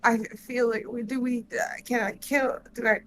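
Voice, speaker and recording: A woman playing a tabletop game, talking in a hesitant, halting way as she works out her moves. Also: a little high, flat delivery, fairly bright tone. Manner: hesitant, halting, full of restarts. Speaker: player. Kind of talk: tabletop game play, casual.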